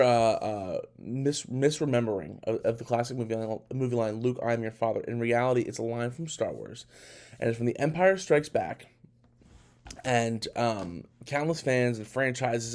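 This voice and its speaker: A young man hosting a casual solo podcast, talking in an animated, incredulous way with rambling restarts. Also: medium pitch, gravelly. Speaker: podcast host.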